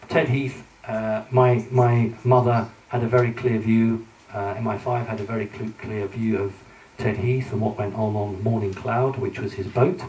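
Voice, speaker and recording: Here a British conference speaker presents slides in a dark-toned, mid-range voice, sounding serious and full of warning. He often restarts sentences and leans on fillers. Captured distantly in a large hall, the audio is echoey with a faint hiss.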